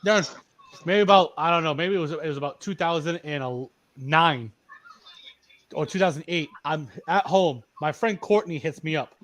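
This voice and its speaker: A high-pitched man in his thirties, originally from Massachusetts, chatting over a headset mic. He tells loose, rambling stories, swears freely, and circles back to repeat himself. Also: moderate pace, fairly bright tone. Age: 30s. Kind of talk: casual voice chat storytelling.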